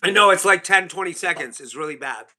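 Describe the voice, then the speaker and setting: A man's voice: high-pitched, expressive, fast, sharp tone. A man hosting a livestream group call, chatting casually and jokingly, often repeating himself. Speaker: livestream host.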